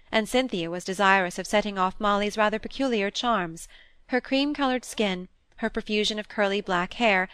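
Woman audiobook narrator, classic novel, measured delivery, dry close mic. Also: mid-range voice, fairly bright tone, smooth, dry recording.

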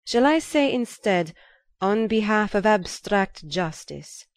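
A woman's voice: medium pitch, lively intonation, slow, dry recording, clean studio sound, pitched above the performer's own voice. A woman reading a humble young Frenchman. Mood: earnest. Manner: insistent, quietly pleading.

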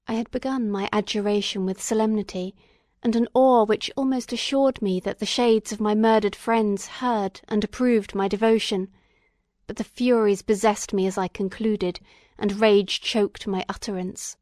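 A woman narrates a classic novel for an audiobook in a solemn, measured way. Her voice sits at a middling pitch, and the recording is dry with no room echo. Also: steady tone, a little mellow. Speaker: audiobook reader. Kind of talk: scripted narration.

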